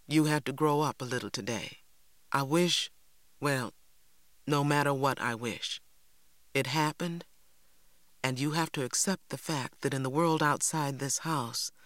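A woman's voice: rumbling low, unhurried, pauses often, dry recording. A woman doing a stern, weary mother. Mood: firm. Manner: quiet, hard and controlled. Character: firm, weary Southern mother. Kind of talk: audiobook character voice.

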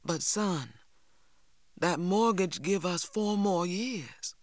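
A man voicing a pious, worried old grandmother in a raised, slow voice. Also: sits high, no echo, voice pushed up.

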